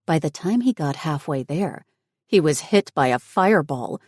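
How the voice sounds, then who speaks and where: A woman narrating an audiobook in steady, even scripted narration. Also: sits low, normal speed, breathy edge, no room sound, studio quality.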